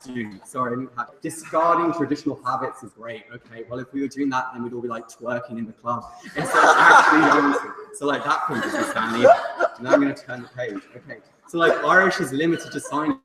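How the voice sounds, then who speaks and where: A man's voice: medium pitch, fast talker, few pauses. Young guy joking through a debate speech, says like a lot, sounds far off in a big echoey hall. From England. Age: young adult. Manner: chatty, filler-heavy, teasing. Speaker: student debate speaker. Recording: echoey hall, far mic, loud noise.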